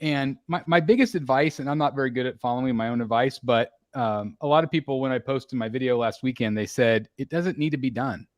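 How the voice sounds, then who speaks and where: A man's voice: medium pitch, a little fast, few pauses, no echo, clean studio sound. A man hosting a live stream, chatting casually and rambling with lots of fillers. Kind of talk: casual chat.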